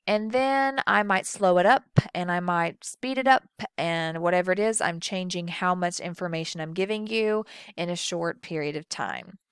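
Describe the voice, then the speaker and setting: A woman instructor giving a recorded lecture on public speaking, with deliberate, demonstrative delivery and well-placed pauses. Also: lowish voice, smooth, no echo, clean studio sound.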